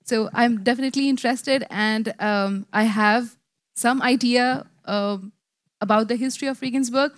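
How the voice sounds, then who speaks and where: A woman's voice: fairly high pitch, steady tone, normal speed, dry recording, studio quality. A woman answering a question in a group discussion, friendly, with many fillers. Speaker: participant.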